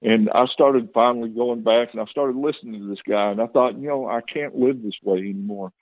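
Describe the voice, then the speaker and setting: Over a tinny, telephone-style line with no echo, a man shares his testimony as a guest in an interview. He's a little fast and medium-pitched, telling his story in a plain, candid way full of sincere feeling.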